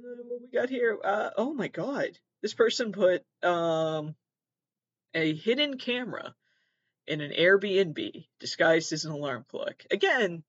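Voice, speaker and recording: A man hosting a podcast, ranting in a profane, self-deprecating way, with sudden loud outbursts and mumbled asides. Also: sits high, animated, slow, dry recording, lo-fi sound. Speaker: podcast host. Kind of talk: comedic rant.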